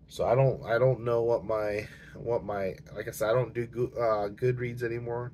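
A man's voice: on the low side, fairly even intonation, normal speed, few pauses, darkish tone, a little hiss or hum. A man hosting a book channel, talking casually to camera in a rambling, hesitant way with many fillers and restarts, and he has the hiccups.

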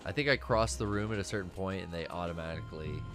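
A man's voice: low-pitched, fast talker, over music. A man co-hosting a casual gaming stream, laid-back and swearing often, muttering to himself as he plays. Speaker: stream co-host playing a video game.

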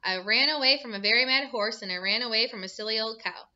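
A woman's voice: on the high side, quick pace, pushed and bright, lo-fi sound. A woman voicing a cheeky, boastful gingerbread cookie boy who chants taunting rhymes. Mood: worried. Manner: taunting sing-song chant.

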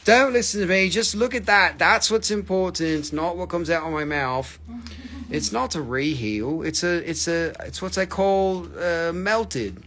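A man runs a live crystal auction in a loose, chatty way, poking fun at viewers and cursing often. His voice sits a little high for a man, and a faint hiss runs behind it. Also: measured pace, fairly bright tone. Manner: joking, teasing, swears freely. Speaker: livestream crystal seller. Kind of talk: casual live sales chat.

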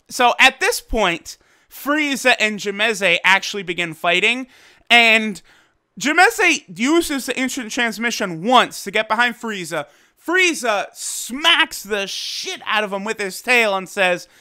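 A man giving a casual, excitable episode review, full of slang and fillers. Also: high voice, a little slow, clean tone. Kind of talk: casual commentary.

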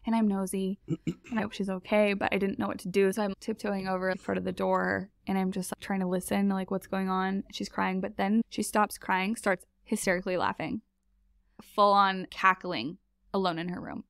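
As a podcast guest, a woman tells a story casually at normal speed, chatty and animated and laughing often. Her mid-pitched voice has strong vocal fry, and the recording is close and dry with no room sound.

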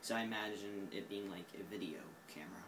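A man's voice: low-pitched, fast, background noise. A tired man with an Oklahoma accent, rambling goofily through a casual vlog monologue recorded on a phone while sitting indoors. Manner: goofy, drifting, self-mocking. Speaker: vlogger.

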